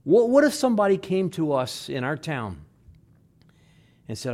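A man preaching a sermon, repeating phrases for emphasis and swinging between loud stresses and hushed words. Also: on the high side, big pitch swings, normal speed. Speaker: pastor.

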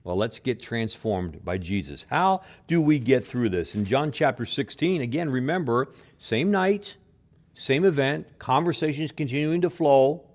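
A male pastor preaching a sermon, moving between loud emphatic lines and quiet low asides, often repeating words and acting out quoted speech softly. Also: expressive, measured pace.

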